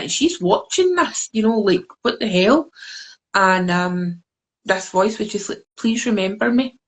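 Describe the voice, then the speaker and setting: A woman's voice: mid-range voice, vocal fry, a bit bright, low-quality recording. A Scottish woman being interviewed over a video call, telling a story in a rambling way with many fillers and restarts. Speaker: guest, deck creator.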